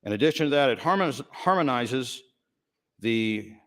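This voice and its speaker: A man in a legislative chamber, calmly explaining his bill in a plain, measured floor speech. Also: medium pitch. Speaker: state senator introducing a bill.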